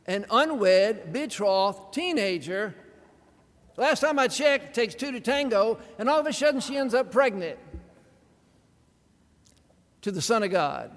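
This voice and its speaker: A man preaching a sermon in an animated, dramatic way, with wry humorous asides. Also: high-pitched, measured pace, pauses often. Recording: long reverb of a large hall.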